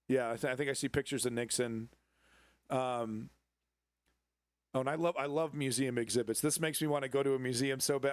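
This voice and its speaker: A man hosts a loose live news stream, riffing sarcastically and cursing as he goes. His voice sits at an ordinary middle pitch. The sound is dry, with no room echo. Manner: rambling, sarcastic, swears freely, greets chat viewers. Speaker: live news commentary host. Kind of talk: casual live-stream political commentary.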